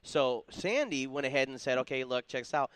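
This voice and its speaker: A man co-hosting a casual racing talk show, excited, often stumbling and repeating his words. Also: mid-range voice, brisk, smooth, no room sound. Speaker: co-host. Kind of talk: casual storytelling chat.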